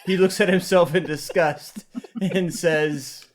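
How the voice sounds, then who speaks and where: A man co-hosting a comedy podcast who reads stage directions aloud in a slow, drawn-out, deadpan manner. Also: high voice. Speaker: podcast co-host.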